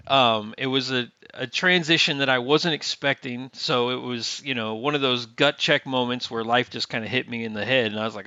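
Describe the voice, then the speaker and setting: A man's voice: medium pitch, moderate pace, hardly any pauses, bright, forceful tone, clean tone, dry recording. A man, a Navy veteran guest, telling stories in a casual, chatty way with plenty of fillers, on slightly dull, lo-fi audio. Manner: chatty, many fillers, re-enacts dialogue. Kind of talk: casual storytelling interview.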